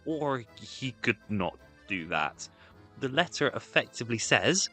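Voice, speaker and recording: A man's voice: mid-range voice, very animated, measured pace, bright, forceful tone, slightly rough, soft background music. A man giving scripted, comedic history narration with wry, sarcastic asides.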